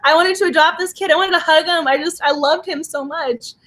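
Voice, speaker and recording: High-voiced gushing woman. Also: a little fast, a bit bright. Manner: gushing, laughs often, restarts. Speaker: book podcast co-host. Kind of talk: casual book discussion.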